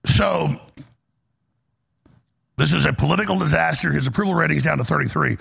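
A man's voice: fairly high pitch, normal speed, vocal fry, a bit bright, breathy edge. A man hosting a political commentary show, heated and emphatic, often restarting his sentences.

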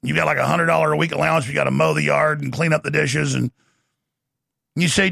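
A middle-aged man delivering a sarcastic political commentary monologue. His voice is bright and fairly high, heavy with gravelly fry. It is recorded dry and close on a studio mic. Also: fast talker, dry recording. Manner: sarcastic, animated, jokey. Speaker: show host.

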